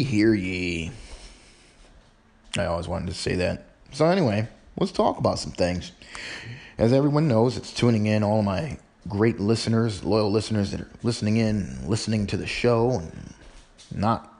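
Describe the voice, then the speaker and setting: Low gravelly man rambling on air. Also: animated, normal speed, a little mellow. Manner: rambling, joking, self-correcting. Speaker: host of a home-made radio show. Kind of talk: casual solo radio monologue.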